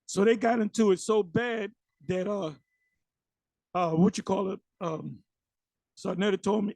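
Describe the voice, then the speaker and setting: A man giving ranting religious commentary on clips, animated and mocking, with many fillers. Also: high-pitched, unhurried, vocal fry, pauses often, dry recording, poor audio.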